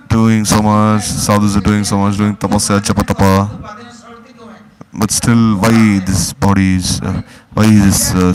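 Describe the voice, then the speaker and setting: A man's voice: fairly low pitch, poor audio. A man giving a devotional discourse, pressing his listeners with repeated rhetorical questions. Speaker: spiritual teacher.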